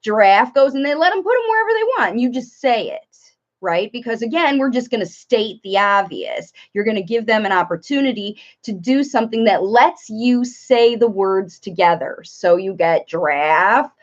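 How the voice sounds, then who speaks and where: A woman speech therapist and parent coach giving live Q&A advice, talking in an animated way and breaking into playful sing-song examples. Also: on the high side, moderate pace. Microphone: live stream. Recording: dull lo-fi livestream audio.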